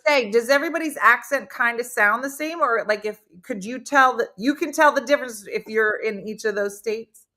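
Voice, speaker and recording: A woman with a New Jersey accent, a comedian hosting a casual chat show and introducing her guest in an animated, chatty way. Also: a little high, normal speed.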